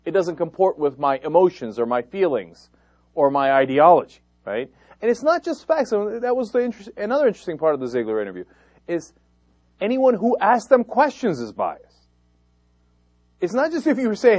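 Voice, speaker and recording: A man giving animated political commentary in a sarcastic tone, often slipping into mocking voices to quote others. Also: sits high, a little fast, dry recording. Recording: dull lo-fi dry sound.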